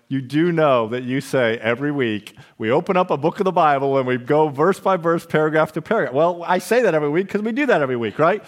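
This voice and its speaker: A man preaching a sermon as pastor of a church, conversational with playful, joking asides. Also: fairly high pitch.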